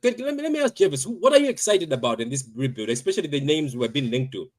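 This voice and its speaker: A man's voice: fairly high pitch, sing-song, fast talker, crowd noise. A man hosting a live-streamed football panel over a video call, insistent and teasing, repeating names. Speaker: host.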